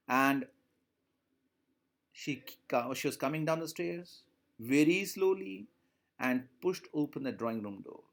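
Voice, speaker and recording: Indian english teacher going over a story, bit high voice, really lively up and down. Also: male voice. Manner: repeats and rereads lines, asks questions. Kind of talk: classroom lesson explaining a story.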